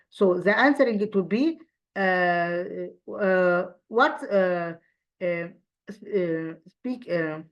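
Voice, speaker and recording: A woman teaching an English lesson to children online, talking haltingly with many fillers and restarts. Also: mid-range voice, expressive, lo-fi sound. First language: Arabic.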